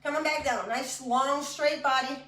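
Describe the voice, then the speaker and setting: A woman's voice: high-pitched, steady tone, a little slow, fairly bright tone, distant mic. A woman fitness instructor guiding a class through exercises in a chatty, encouraging way with joking asides. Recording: echoey room, voice from off-mic.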